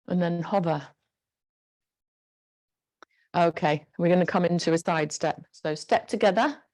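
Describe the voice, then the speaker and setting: A woman's voice: mid-range voice, darkish tone. Chatty woman leading an exercise class. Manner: encouraging, chatty cueing of moves. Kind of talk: live online exercise class instruction. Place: home room with a squeaky floor. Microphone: clip-on mic pack.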